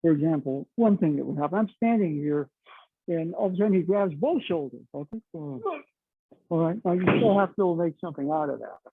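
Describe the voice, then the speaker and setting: A man's voice: a little high, animated, brisk, creaky, slightly rough, no echo. A middle-aged man teaching a martial arts class, explaining chattily with lots of "okay" and "you know.". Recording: dry, tinny phone-like sound.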